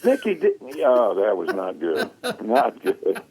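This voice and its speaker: A man telling a funny story in a casual chat, animated and laughing often, acting out the quotes. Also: fairly low pitch, takes it slowly, breathy edge, low-quality recording. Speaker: guest.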